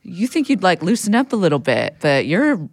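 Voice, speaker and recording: A woman's voice: lowish voice, sing-song, moderate pace, dry recording, studio quality. A woman co-hosting a podcast in casual chat, tossing in playful, teasing quips. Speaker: podcast co-host.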